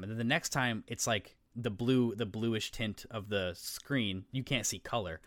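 A man co-hosting a podcast, telling stories in an excitable, rambling way and swearing casually. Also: fairly low pitch, moderate pace, few pauses, no room sound, clean studio sound. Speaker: podcast co-host. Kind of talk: casual chat.

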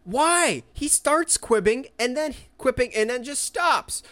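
Excitable man with a lively, swinging voice. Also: takes it slowly, few pauses, dry recording. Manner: enthusiastic, jumps into high excited quotes. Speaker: podcast co-host. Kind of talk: casual fan chat.

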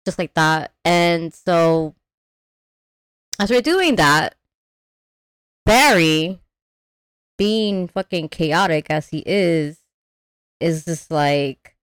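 A woman hosting a podcast, giving a casual, animated movie recap, swearing freely and acting out the characters. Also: on the low side, very slow, long pauses, clear, resonant tone, dry recording. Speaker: podcast host. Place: remote call.

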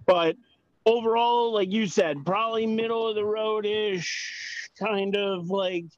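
A man co-hosting a podcast, giving measured, hedging opinions with many fillers in casual chat. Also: sits high, fairly even intonation, no room sound. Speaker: podcast co-host. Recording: slightly dull lo-fi audio.

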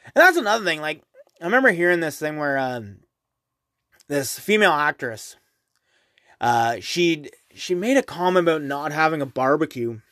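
High-voiced ranting young man, dry mic. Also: expressive, moderate pace, a bit bright, dry recording. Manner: rambling, profane, keeps asking "right?". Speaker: podcast host. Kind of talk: casual solo podcast rant.

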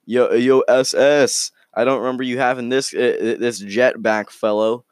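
A man's voice: mid-range voice, steady tone, moderate pace, smooth, dry recording, studio quality, natural voice. A man voicing a laid-back, friendly male swimming creature who talks in casual slang. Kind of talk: storytelling with character voices.

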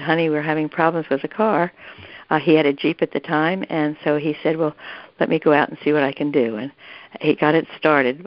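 An older woman with a low voice casually recounts family history as an interviewee. She rambles, often restarting sentences and adding asides, and the recording is dull, dry and lo-fi.

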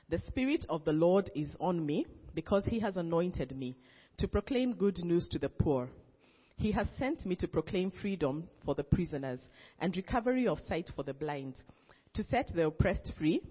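A man reading scripture aloud in a plain manner, often stumbling and restarting a phrase. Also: fairly high pitch. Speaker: scripture reader. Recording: dull, reverberant recording.

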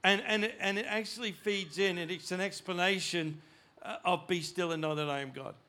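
Animated preaching man, high bright voice. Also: fairly quick. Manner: animated preaching, rising loud when voicing God; frequent restarts and repeated words. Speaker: pastor. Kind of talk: sermon.

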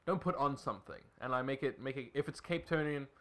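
A man's voice: mid-range voice, quick pace, a bit bright. A man from South Africa in crude, joking casual chat, laughing as he talks.

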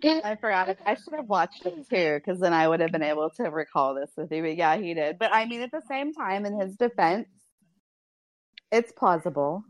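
A woman's voice: on the low side, animated, normal speed. A woman co-hosting a casual chat podcast, making dry, matter-of-fact remarks. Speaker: podcast co-host.

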